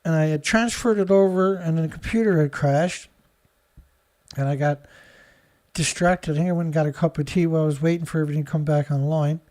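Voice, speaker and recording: A man's voice: on the high side, brisk, a little mellow. A man from Canada hosting a solo news commentary show, reading stories aloud with sarcastic, indignant remarks and frequent laughter. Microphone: studio mic.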